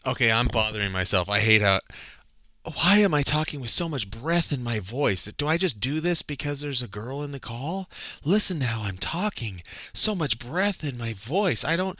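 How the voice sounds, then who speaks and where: A man streamer reacting live, self-conscious and animated. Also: on the high side, no echo.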